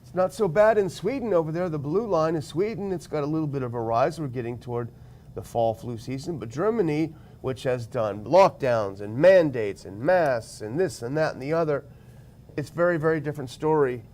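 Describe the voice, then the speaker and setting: A man's voice: on the high side, moderate pace, darkish tone, a little hiss or hum. A man hosting a talk show, giving wry commentary while reading out quotes and describing charts. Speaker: host. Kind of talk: commentary on news clips.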